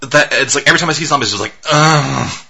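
Bright, husky-voiced man chatting loosely. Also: mid-range voice, racing. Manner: loose, profane, heavy on filler words. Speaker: podcast co-host reviewing movies. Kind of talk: casual chat.

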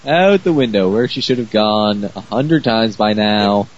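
A man's voice: on the low side, lively intonation, unhurried, dull audio. A man casually riffing on a movie with dry, sarcastic remarks. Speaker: movie commentator.

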